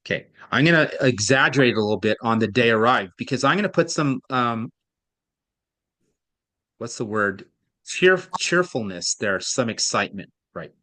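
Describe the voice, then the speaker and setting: A man's voice: mid-range voice, lively intonation, moderate pace, bright, forceful tone. A man tutoring a student in reading, explaining patiently and at length, with frequent restarts. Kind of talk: one-on-one online tutoring.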